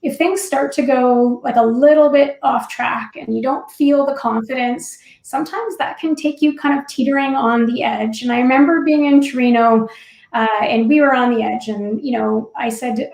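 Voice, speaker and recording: Laughing easily, a former Olympic curler in middle age speaks thoughtfully and candidly as a guest on a reflective panel. Her voice is high with a darkish tone and some vocal fry, she talks at normal speed, and the recording echoes with the room.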